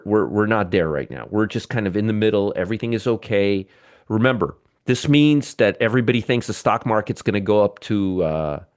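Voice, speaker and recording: Excitable male market show host. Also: fairly low pitch. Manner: excitable, joking, talks to viewers directly. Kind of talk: live market commentary.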